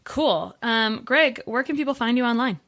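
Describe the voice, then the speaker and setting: A woman's voice: fairly high pitch, lively intonation, moderate pace, fairly bright tone, no room sound. A woman hosting a podcast interview, chatty and playful, with rambling asides. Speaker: podcast host.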